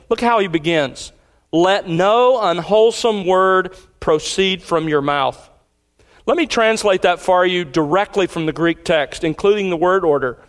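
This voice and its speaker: A man preaching a sermon, deliberate and emphatic, repeating key lines slowly for weight. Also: on the high side. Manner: deliberate preaching cadence with pauses. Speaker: pastor.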